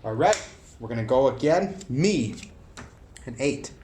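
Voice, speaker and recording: A man narrating a solo tabletop game, rolling dice aloud and breaking into shouted play-by-play. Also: medium pitch, expressive, a little slow, a little hiss or hum.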